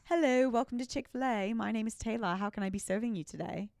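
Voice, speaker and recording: A woman putting on a British accent as a polite young drive-through worker, soft and prim. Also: fairly high pitch, fast, vocal fry, no room sound, studio quality, voice pushed up. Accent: British (put on).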